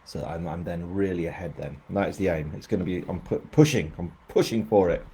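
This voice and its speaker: A man rambles through a casual live-stream chat, mocking himself as he goes. His voice sits low and sounds mellow and slightly husky. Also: lively intonation, a little fast. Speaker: author.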